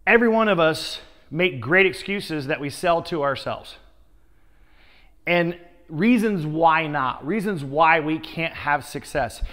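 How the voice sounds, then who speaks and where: High-voiced man giving a motivational talk. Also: takes it slowly, long reverb tail. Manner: energetic storytelling, keeps addressing the audience as guys. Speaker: sales trainer.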